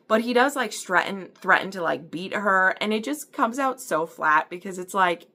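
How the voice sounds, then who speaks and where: Chatty Midwestern woman with a gravelly voice. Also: mid-range voice, normal speed. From American Midwest. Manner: chatty, animated, many fillers and acted-out quotes. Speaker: book and TV reviewer. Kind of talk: casual recap and review.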